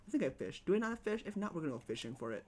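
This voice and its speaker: Excitable streamer with a lively, bouncing pitch. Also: very fast, a little hiss or hum. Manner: excitable, repeats phrases, coos over pets. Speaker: live streamer. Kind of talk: casual live gameplay chat.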